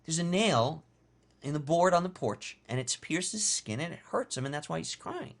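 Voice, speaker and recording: Storytelling bit: old man in a rocking chair, voiced by a man, unhurried and plain. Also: fairly high pitch, lively intonation. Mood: calm.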